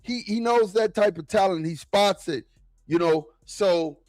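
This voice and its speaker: Man, casual sports talk, excitable, slightly high voice, repeats himself. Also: a little slow, no room sound, soft background music. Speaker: football podcast guest.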